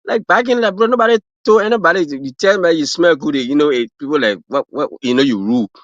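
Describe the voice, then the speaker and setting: A man's voice: a little high, expressive, fast talker, dry recording. Rambling man with an African accent. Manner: rambling, full of fillers and restarts, laughs at his own stories. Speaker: guest. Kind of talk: casual livestream chat. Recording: dull lo-fi, dry stream audio.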